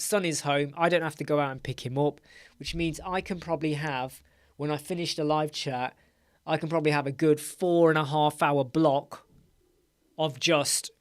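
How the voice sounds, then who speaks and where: A man's voice: fairly high pitch, dry recording, studio quality. Tired, chatty English man hosting a live Q&A. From England. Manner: chatty, greets viewers by name, repeats words. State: tired, yawning. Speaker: livestream host. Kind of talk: casual live Q&A chat.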